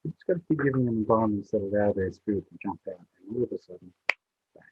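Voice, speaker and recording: A man's voice: lowish voice, racing, noisy background. A man from Western Australia telling a story to young people in an earnest, heartfelt way. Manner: earnest, heartfelt, repeats himself. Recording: tinny phone-like sound, dry.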